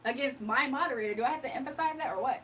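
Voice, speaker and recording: A woman's voice: high voice, racing, a bit bright. A woman hosting a casual livestream, talking with her chat in a loose, joking manner and laughing often. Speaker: livestream host. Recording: voice from a distance with faint background noise.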